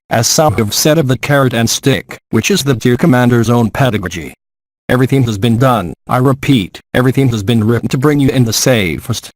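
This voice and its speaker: A man reads an English translation of a spiritual gathering at a mid pitch in a measured, steady way. He is close to the mic. There is almost no room sound. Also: dry recording. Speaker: translation voice-over.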